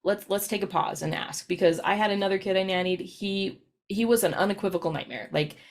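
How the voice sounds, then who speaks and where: A woman giving a professional presentation, talking in a relaxed, anecdotal way and tossing in "right?" to keep listeners with her. Her pitch sits in an ordinary middle range. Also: fairly quick. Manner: chatty, storytelling, frequent "right?" tag questions.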